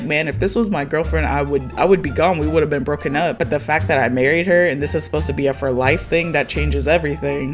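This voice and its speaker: A host recapping a reality TV episode in a casual chat, animated, laughing often and acting out what the cast said. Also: mid-range voice. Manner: animated, laughs a lot, acts out quotes; swears freely.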